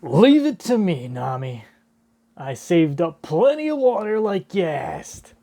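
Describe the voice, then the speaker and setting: A man's voice: high-pitched, sing-song, slow pace, mellow, exaggerated voice. A man reading a manga aloud and raising his voice to play a confident young woman. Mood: eager.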